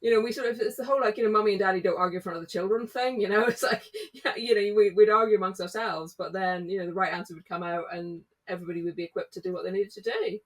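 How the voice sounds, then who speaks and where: A woman's voice: mid-range voice, fairly even intonation, distant mic, poor audio. A woman, a marketing consultant in a casual podcast conversation, telling stories and acting out the dialogue. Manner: brisk storyteller, acts out dialogue.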